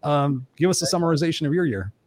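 Dude hosting a video call chat, fast talker, kinda high voice, swears a lot. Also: male voice, expressive, a little mellow. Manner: fast, profane, joking. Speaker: host. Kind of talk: casual chat.

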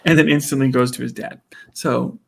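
A man's voice: medium pitch, fairly even intonation, fairly quick, creaky, fairly bright tone, breathy edge. A man co-hosting a casual podcast chat, laughing often and acting out quotes from the show. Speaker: podcast co-host.

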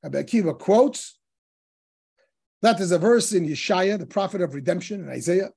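A man, a rabbi teaching a Talmud class, telling stories in an animated way and acting out the dialogue of the sages. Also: sits high, normal speed, gravelly, husky. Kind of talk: Torah class storytelling.

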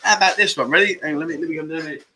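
Bright-voiced jokey host. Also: male voice, fairly high pitch, very fast, a little hiss or hum. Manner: jokey, laughs often, mock-grumbling banter. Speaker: livestream chat show host. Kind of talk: casual livestream chat, reading viewer comments.

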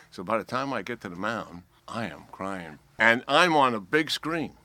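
A man's voice: fairly low pitch, moderate pace, hardly any pauses. Older New York man telling stories. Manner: lively storyteller who acts out quoted voices. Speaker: guest, four-star general. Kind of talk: anecdotal storytelling.

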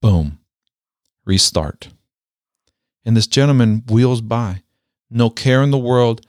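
A man telling a personal story with a military background, speaking emphatically, repeating key phrases and slowing down to stress them. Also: mid-range voice, expressive, darkish tone, no room sound, studio quality. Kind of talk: motivational storytelling.

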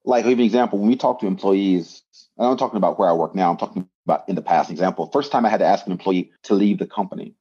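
A man in casual conversation telling an animated story, often checking in with "right?". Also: low voice, racing, husky, dull audio.

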